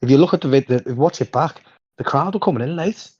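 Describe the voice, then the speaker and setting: A man co-hosting a podcast in casual chat, an animated storyteller with a voice worn hoarse. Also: quick pace. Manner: animated storyteller, jumps high in pitch. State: hoarse, hungover. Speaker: podcast co-host. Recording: dull lo-fi sound.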